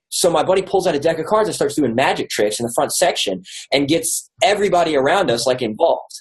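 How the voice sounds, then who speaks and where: A man's voice: fairly high pitch, lively intonation, fairly quick, hardly any pauses, rough recording. Rambling man telling a story. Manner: rambling with many likes and restarts. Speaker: author and guest. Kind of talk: casual storytelling interview.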